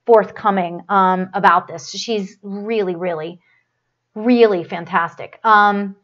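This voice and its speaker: A woman hosting a live spiritual stream, giving a psychic reading in a rambling, halting way with many fillers and restarts, and a gushing, affectionate tone. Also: medium pitch, steady tone, a bit bright, muffled recording. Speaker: medium hosting a live show.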